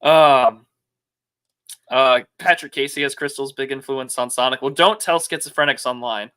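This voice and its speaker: A man's voice: mid-range voice, moderate pace, bright, forceful tone, clean tone. A man hosting a casual political podcast, musing aloud with rhetorical questions. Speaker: podcast host.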